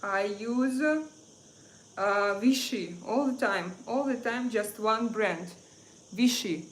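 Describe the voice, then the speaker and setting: Russian-accented woman hosting a beauty stream, chatty and hesitant, mid pitch. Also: roomy sound, slight background noise. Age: 30s or 40s. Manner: halting, many fillers and restarts, reads chat aloud. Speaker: beauty livestream host. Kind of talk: casual livestream chat while doing makeup.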